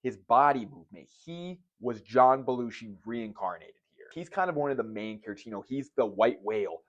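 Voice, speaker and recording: A man's voice: mid-range voice, animated, a little fast. A man giving a casual, joking movie review, swearing freely as he talks. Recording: dull lo-fi recording.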